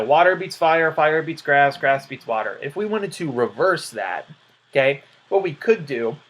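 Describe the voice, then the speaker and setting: A man's voice: on the high side, fairly bright tone. A man giving casual video commentary, rambling and hesitant, often trailing off into "um" and "I don't know". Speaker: YouTuber.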